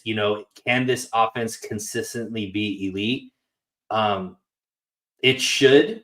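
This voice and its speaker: A man with a lowish voice chats casually about football over a video call. He rambles as he thinks aloud, stacking up fillers and restarts. The tone is relaxed and friendly. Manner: loose, rambling, lots of fillers. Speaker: podcast co-host. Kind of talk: casual sports chat.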